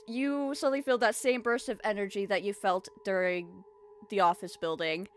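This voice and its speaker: A woman's voice: medium pitch, normal speed, smooth. A woman running a tabletop game as game master, casual, laughing often and swearing.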